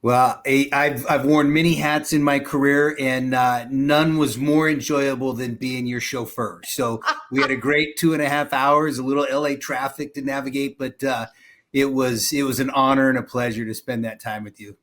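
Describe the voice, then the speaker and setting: A middle-aged man, a company president, speaking as a guest in a casual interview, measured and gracious. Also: medium pitch, fairly even intonation, fairly bright tone. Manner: measured, gracious, laughs often.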